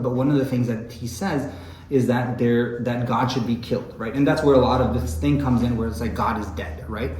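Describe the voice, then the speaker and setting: A man with a mid-range, darkish, steady voice gives a religious study lecture on poetry and faith at a moderate pace, often asking "right?" He grows impassioned and emotional, clearing his throat, in poor, reverberant audio with slight background noise.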